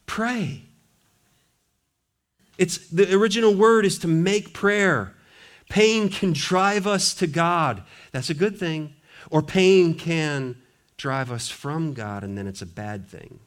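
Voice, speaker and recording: A male pastor preaching an earnest sermon, swinging between emphatic lines and quiet ones. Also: a little high, animated, measured pace.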